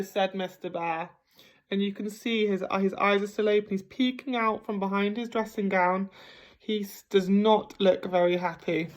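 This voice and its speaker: A woman teacher reading a picture book aloud to children at a gentle pace, pausing to ask them questions. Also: mid-range voice. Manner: gentle, slow, asks the listeners questions. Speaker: primary school teacher. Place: home.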